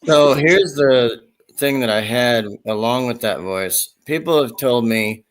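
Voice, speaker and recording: A man's voice: medium pitch, normal speed. Rambling man in casual chat. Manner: rambling, laughs often, slips into voices. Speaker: host.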